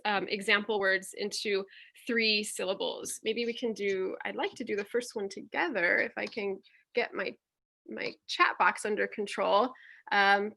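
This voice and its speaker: A woman's voice: fairly high pitch, pushed and bright. A woman teaching on a video call, patiently explaining and sounding out vowels step by step. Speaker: teacher presenting a workshop. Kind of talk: online teaching demonstration. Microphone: computer mic on a video call.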